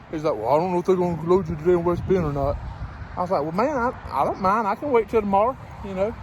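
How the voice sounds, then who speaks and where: A man telling a casual story beside his parked truck, laughing often and acting out conversations. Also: high voice. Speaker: truck driver vlogger. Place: outdoors by a parked truck in strong wind. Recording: windy outdoor noise. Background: wind and passing traffic.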